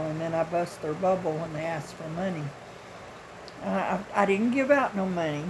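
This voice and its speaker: A woman's voice: fairly low pitch, noisy background. A woman in her sixties from the United States, telling a story in a casual, blunt, folksy way with occasional chuckles. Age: 60s. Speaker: vlogger.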